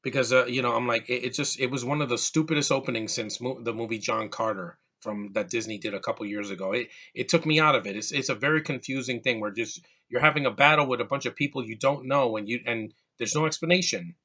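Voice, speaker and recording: A man's voice: mid-range voice, quick pace, few pauses, bright, forceful tone. A man giving a casual, exasperated movie rant, often restarting and repeating words. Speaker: movie reviewer.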